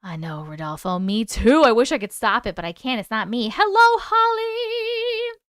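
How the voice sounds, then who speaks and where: A woman's voice: mid-range voice, lively intonation, brisk, dry recording, clean studio sound. A woman hosting a casual live stream, chatting and reading viewer comments aloud. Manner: chatty, reads out viewer comments and thanks gifts. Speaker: host reading chat on a livestream.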